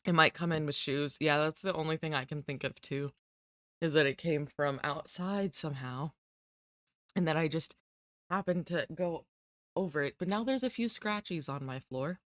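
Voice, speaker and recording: A woman's voice: deep voice, normal speed, fairly bright tone, no echo, studio quality. Giggly rambling woman streamer. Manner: giggly, rambling, self-deprecating. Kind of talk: casual stream chat.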